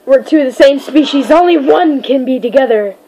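A woman giving goofy, excitable commentary while playing a fighting game, yelping and crying out during the fights. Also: high-pitched, a little fast, low-quality recording. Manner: goofy, self-mocking. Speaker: gamer. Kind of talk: let's play commentary.

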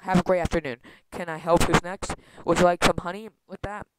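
A man rushing through a comic read-through of a film script, stumbling over words and restarting lines. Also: high voice, steady tone. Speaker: script reader. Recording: loud background noise with clicks.

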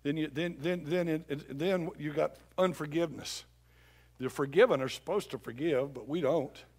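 A male pastor preaching a sermon in a church, dropping to a hush for scripture and rising to shouts. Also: fairly high pitch, moderate pace, husky. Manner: swings from hushed scripture reading to loud shouted exhortation. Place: church sanctuary.

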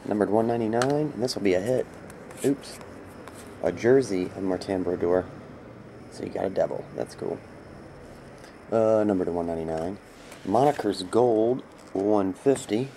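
A man casually calling out cards as he opens packs, rambling and easily excited, with a laugh here and there. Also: lowish voice, moderate pace, pauses often, a little hiss or hum. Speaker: card break host. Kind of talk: casual card-opening commentary.

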